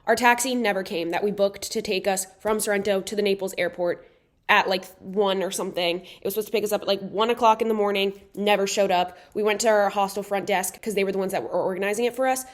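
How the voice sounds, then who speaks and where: A woman's voice: medium pitch, steady tone, fast talker. A woman in casual chat, cutting in to correct and fill in details of a shared story.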